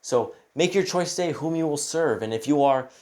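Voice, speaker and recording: A man's voice: fairly high pitch, lively intonation, moderate pace, darkish tone. A man reading scripture aloud and explaining it in an informal, earnest sermon, often adding "right?" as he goes. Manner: earnest, exhorting. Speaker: preacher.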